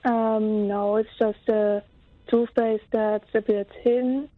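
A woman phoning a radio show who talks earnestly and hesitantly, with a lot of ums. Her voice sits fairly high but stays flat. She comes through a thin, tinny phone line. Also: slow pace, no room sound. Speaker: caller. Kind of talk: phone-in chat.

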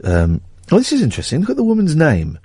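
Wry, lively male radio host. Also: a little high, fast, husky, no echo, studio quality. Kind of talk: late-night radio chat.

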